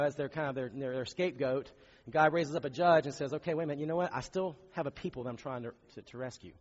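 Male preacher, slightly high and husky, animated conversational delivery, muffled hall recording. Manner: conversational, animated, asks rhetorical questions. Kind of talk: sermon. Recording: dull recording in a reverberant hall.

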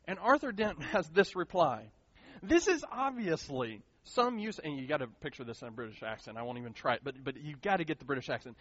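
A man preaching a sermon as pastor, earnest and animated, repeating key phrases for emphasis. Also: a little high, brisk, husky. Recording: dull lo-fi sound, dry.

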